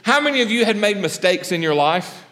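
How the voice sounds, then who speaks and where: A man preaching a Sunday morning sermon, animated and conversational, asking the congregation questions and acting out the people in the story. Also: brisk, big-room sound. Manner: animated preaching, drops low and quiet for God's lines. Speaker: pastor.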